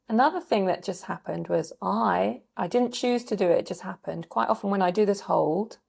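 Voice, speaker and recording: A woman coach gently guiding a calming practice, sighing often, her throat a bit scratchy. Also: fairly low pitch, gravelly, husky. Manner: gentle, permissive guiding with frequent sighs. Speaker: recovery coach. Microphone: desk mic on a video call.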